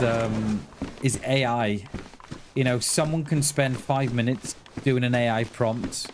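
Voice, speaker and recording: A middle-aged man chatting casually to viewers while streaming a game, calling them "mate" and often restarting his sentences. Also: mid-range voice. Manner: chatty, says "mate" a lot, many restarts. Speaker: livestream gamer. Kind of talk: casual livestream chat. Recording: faint background noise and clicks.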